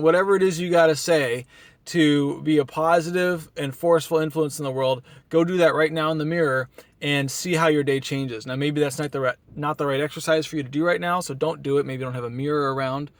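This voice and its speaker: A man with a slightly raised pitch talks straight to camera in a dry, close recording. He is short on sleep but pushing his energy up, earnest and a little rambling as he restarts his sentences. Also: fairly even intonation, brisk, dry recording. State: tired from no sleep. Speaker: motivational vlogger. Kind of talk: casual motivational monologue. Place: outdoors at a beach town. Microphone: camera mic.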